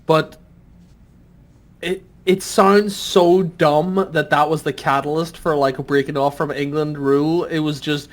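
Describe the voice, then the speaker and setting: Man, Irish accent, young adult, casual podcast chat, animated, swears a lot, fairly high voice. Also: measured pace. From Ireland. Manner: animated, swears freely, jumps into exaggerated voices. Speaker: podcast guest.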